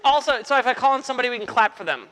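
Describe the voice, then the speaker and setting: Magician guy hyping up a room of kids, jokey, voice jumps all over, bright tone. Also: very high-pitched, expressive, racing, clear, resonant tone. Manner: playful, jokey, audience-rousing. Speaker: children's magician. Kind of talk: live kids' magic show patter. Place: room with a live child audience.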